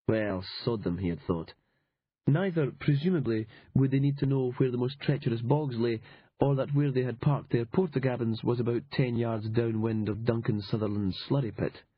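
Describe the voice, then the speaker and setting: A man's voice: mid-range voice, breathy edge, no room sound, muffled recording. A man reading an audiobook in a dry, sardonic storytelling manner. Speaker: audiobook narrator. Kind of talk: scripted narration.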